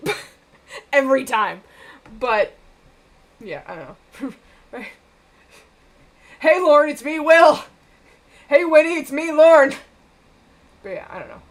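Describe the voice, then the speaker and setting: A woman's voice: medium pitch, a bit bright. A woman streamer chatting casually while she plays a game, rambling with lots of fillers and swearing.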